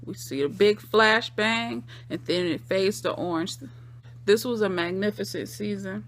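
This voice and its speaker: A woman's voice: medium pitch, measured pace. A woman casually recapping and reacting to a TV episode, in a slangy, conversational way, with emphatic repeated phrases. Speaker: TV episode reviewer.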